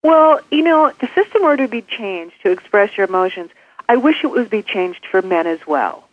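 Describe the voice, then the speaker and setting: A woman executive coach answering interview questions, animated and acting out example phrases. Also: medium pitch, moderate pace, dry recording. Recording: tinny phone line.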